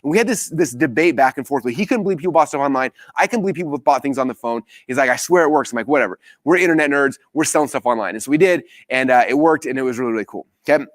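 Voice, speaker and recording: A man's voice: mid-range voice, rapid-fire, few pauses, no room sound. A man in his thirties giving a live business training, telling stories energetically and acting out the dialogue. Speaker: business coach.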